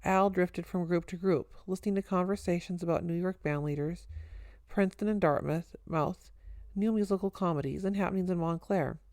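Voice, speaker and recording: A woman narrating a story in an even, wry storytelling manner. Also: fairly low pitch, normal speed, dry recording. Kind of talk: audiobook narration.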